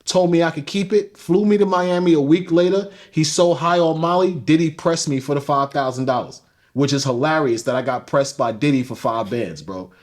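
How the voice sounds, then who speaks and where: Animated New man telling stories. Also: fairly high pitch, normal speed. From New York. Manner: animated, profane, laughing storyteller. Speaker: interview guest. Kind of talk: casual storytelling.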